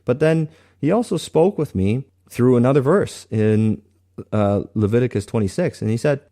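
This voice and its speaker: A man sharing a personal faith testimony in an earnest, halting way, often restarting his sentences. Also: mid-range voice, mellow.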